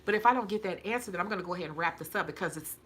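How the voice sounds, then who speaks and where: A woman's voice: fairly low pitch, very fast, a bit bright. A woman from hosting a casual livestream as a nail technician, chatty and emphatic, repeating her points and laughing often.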